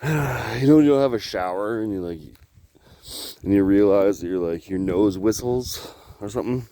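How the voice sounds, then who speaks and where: On a handheld camera by the water, a Canadian vlogger rambles, swears, and laughs often in a casual video. His voice is lowish and warm at a moderate pace, and the recording is dry.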